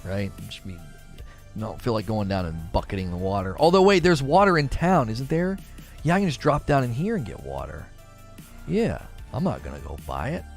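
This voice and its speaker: A man's voice: fairly low pitch, lively intonation, moderate pace, vocal fry, faint music behind. A young man streaming a game, talking casually, reading chat and laughing often at his own jokes. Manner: chatty, laughs often, mocking jokey asides.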